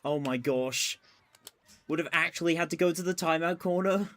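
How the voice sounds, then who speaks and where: A man chats away as he streams a racing game live, his voice sitting a little higher than most men's. He narrates each move and laughs easily with his co-streamer. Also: moderate pace, fairly bright tone. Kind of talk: live gameplay commentary.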